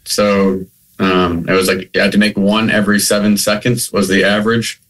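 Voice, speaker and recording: A man's voice: on the low side, level tone, moderate pace, fairly bright tone. A man from Maine, a basketball coach, answering plainly and modestly as a guest on a video call. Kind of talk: remote interview.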